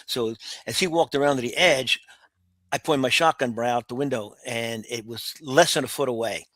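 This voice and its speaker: A man's voice: medium pitch, moderate pace, fairly bright tone, no echo. Older man telling a war story, blunt. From United States. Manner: vivid, blunt war storytelling with frequent restarts. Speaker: guest. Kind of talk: storytelling interview.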